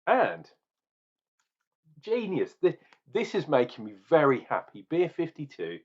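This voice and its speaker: A man's voice: on the high side, huge pitch swings, unhurried, husky, lo-fi sound. A chatty middle-aged man from England reviewing a beer, rambling and joking in a casual tasting vlog. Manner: chatty, jokey, rambling asides.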